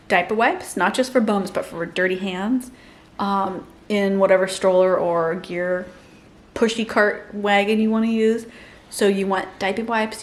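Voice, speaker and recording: A woman in her thirties chatting casually to camera as a mother and vlogger, laughing often and cooing to her baby between tips. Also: mid-range voice.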